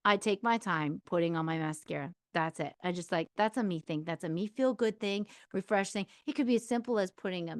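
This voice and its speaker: A woman's voice: lowish voice, no room sound, studio quality. A middle-aged woman hosting a podcast, giving casual, encouraging advice straight to the listener. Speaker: podcast host.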